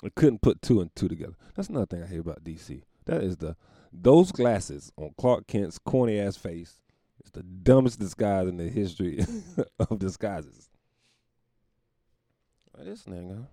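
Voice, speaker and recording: A man's voice: low voice, expressive, moderate pace, warm tone, no echo, studio quality. A man going on a rambling, profane comedic rant, often laughing at his own jokes.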